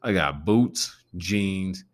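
A man with a gravelly growl in his voice, hosting a podcast in a loose, rambling and profane casual chat. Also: sits low, animated, extremely slow, no room sound. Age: adult with a preteen nephew. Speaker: podcast host.

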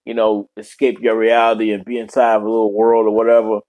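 A man's voice: on the low side, completely flat delivery, fast talker, darkish tone. Profane rambling man riffing casually. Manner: loose, profane, rambling, slangy. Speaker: podcast host reacting to a movie.

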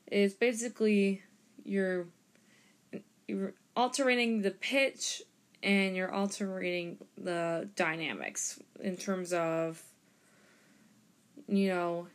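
Slow-talking woman teaching harmonica. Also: medium pitch. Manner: unhurried, explains step by step with demonstrations. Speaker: harmonica teacher and podcast host. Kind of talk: casual instructional talk.

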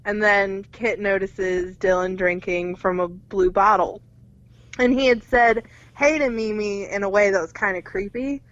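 A woman's voice: medium pitch, steady tone, unhurried, a bit bright, highs cut off. A young woman co-hosting a podcast, casually retelling a movie plot with lots of "like" and quoted lines, swearing freely. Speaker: podcast co-host. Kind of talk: casual movie recap chat.

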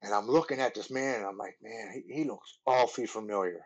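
A man in his forties from Maryland, a podcast guest telling his recovery story in an earnest, halting way, often restarting his words. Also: fairly low pitch. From Maryland, USA.

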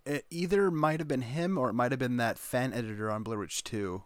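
A man's voice: medium pitch, brisk, clean tone, no room sound. A man co-hosting a podcast, easygoing and encouraging in casual chat. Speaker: podcast co-host.

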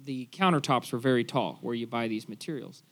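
A man's voice: medium pitch, brisk. A man, a podcast guest, telling a joke story in casual banter and laughing along. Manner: laughs at own jokes, tells stories.

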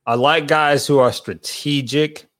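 A man co-hosting a podcast, calmly explaining his picks in casual analysis with frequent fillers. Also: fairly high pitch. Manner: measured, explains strategy with fillers. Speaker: podcast co-host.

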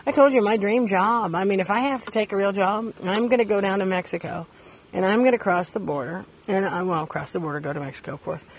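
A woman's voice: mid-range voice, fast talker, breathy edge. A woman hosting a casual monologue podcast, talking candidly and rambling, sitting outdoors beside her bus. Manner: rambling, candid, self-deprecating. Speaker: podcast host.

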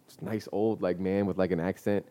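A man's voice: low voice, fairly even intonation, moderate pace, warm tone. A young man telling a long story in a casual chat, full of slang and fillers. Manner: laid-back slang-heavy storytelling with many fillers. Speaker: guest business owner.

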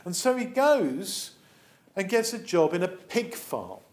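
A man tells a story to children in a loose, chatty way, filling his sentences with ums and restarts. His voice sits high and swings widely as he talks. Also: a little slow. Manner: animated, chatty, many fillers.

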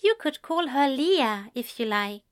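A woman doing a gentle, tender young husband. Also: extremely high pitch, very animated, takes it slowly, voice pushed up, full character voice. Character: gentle soft-spoken adult husband and new father.

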